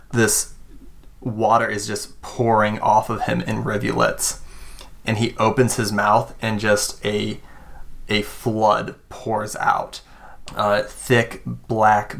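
A man running a tabletop game, narrating a horror scene slowly and deliberately, with many fillers. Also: fairly low pitch, vocal fry, a bit bright. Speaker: game master.

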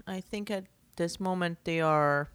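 A woman's voice: on the low side, measured pace, a bit bright, clean tone, dry recording. Playful woman, native Portuguese speaker. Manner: playful, giggly, admiring. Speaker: podcast co-host. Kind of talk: casual chat.

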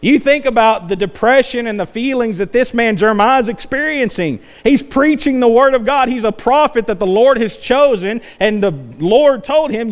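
A man preaching a sermon, climbing to intense peaks and then dropping low and quiet. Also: moderate pace, hardly any pauses. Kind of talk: evening sermon.

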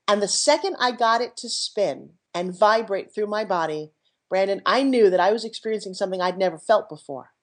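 Energetic, enthusiastic middle-aged woman. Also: mid-range voice, brisk. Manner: energetic, enthusiastic, jumps into quoted voices. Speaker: podcast guest, TV pitchwoman and entrepreneur. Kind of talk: animated storytelling interview.

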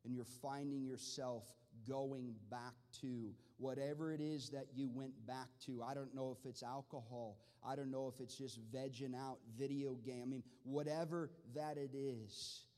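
Impassioned preacher in a reverberant hall. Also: male voice, medium pitch, steady tone, measured pace, hardly any pauses. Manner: impassioned, swings from quiet to shouting. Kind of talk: sermon. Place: large church hall.

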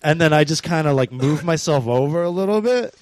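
A man's voice: on the high side, a little fast, dry recording. A comedian telling casual stories about his gigs, swearing a lot and acting out the voices of people he quotes. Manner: animated, swearing, acts out quotes. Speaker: stand-up comedian on a podcast. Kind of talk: casual chat, storytelling.

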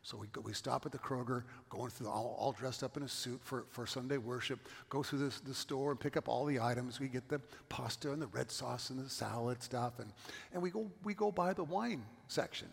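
A man's voice: mid-range voice, brisk, gravelly, slightly rough, in a large hall. A middle-aged man from California, a pastor giving a sermon and telling stories with asides to the congregation.

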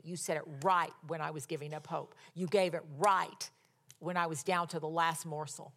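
A woman's voice: fairly low pitch, a bit bright. A middle-aged woman preaching a sermon, telling personal stories and exhorting her listeners with emphatic repetition.

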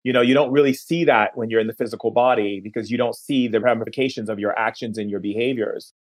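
A man who is a podcast guest, recounting a personal story in an earnest, unhurried way and often slowing down to linger on words. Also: mid-range voice, fairly even intonation.

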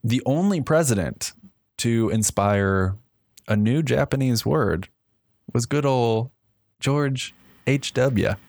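A man's voice: slow pace, pauses often, darkish tone, dry recording, clean studio sound. A man co-hosting a comedy podcast, telling odd facts in a jokey, profane way. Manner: jokey, swears often, jumps into high-pitched impressions. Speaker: podcast co-host. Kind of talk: casual comedic chat.

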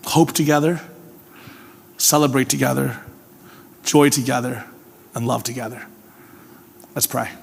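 A male pastor preaching a sermon, earnest and personal, swinging from emphatic calls to hushed, tender appeals. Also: medium pitch, gravelly. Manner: earnest, swings from emphatic to hushed, repeats "can I tell you". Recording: long reverb of a large hall.

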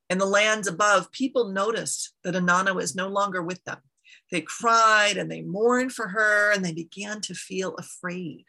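A woman telling an ancient myth out loud, with a bright, gravelly and husky voice. She keeps an unhurried storytelling rhythm and slips into chatty asides now and then. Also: mid-range voice, rough recording.

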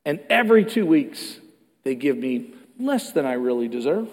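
A man preaching a sermon with animated delivery, moving between loud emphatic passages and hushed ones. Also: medium pitch, moderate pace. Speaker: pastor. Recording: long reverb of a large hall.

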